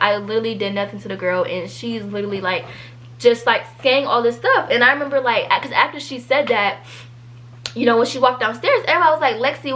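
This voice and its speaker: A teenage girl tells a storytime in a chatty, rambling way, full of fillers. Her voice sits a little high, and she gets animated whenever she quotes someone. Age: teens. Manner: chatty, filler-heavy, animated when quoting people. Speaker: vlogger telling a story. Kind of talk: casual storytime.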